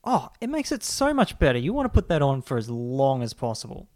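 A man hosting a podcast, telling rambling, animated stories and swearing freely. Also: medium pitch, a little fast, dry recording, studio quality. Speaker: podcast host. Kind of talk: casual comedic chat.

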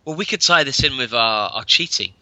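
A man co-hosting a casual podcast from his bedroom, telling stories with lively mimicry. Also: fairly quick, dry recording, dull audio. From England. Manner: animated storyteller, mimics people with big pitch jumps. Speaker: podcast co-host. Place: bedroom at home.

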